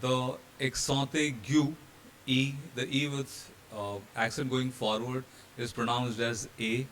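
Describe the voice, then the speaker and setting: A man's voice: mid-range voice, level tone, takes it slowly, a bit bright, a little hiss or hum. A man from India, a hotel training instructor, explaining pronunciation rules over slides, spelling out letters, with some fillers and restarts. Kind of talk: slide-based pronunciation lesson.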